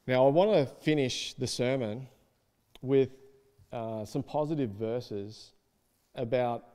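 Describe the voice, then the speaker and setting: A man's voice: medium pitch, warm tone. A man preaching a casual, conversational sermon, reading scripture aloud and often checking in with "right?". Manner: conversational, tag questions like "right?". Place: church. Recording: church hall reverb.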